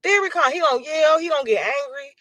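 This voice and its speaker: High bright-voiced woman telling a story. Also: expressive, fairly quick. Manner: acts out quotes in shifting voices. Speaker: storyteller recounting an incident. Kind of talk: animated storytelling.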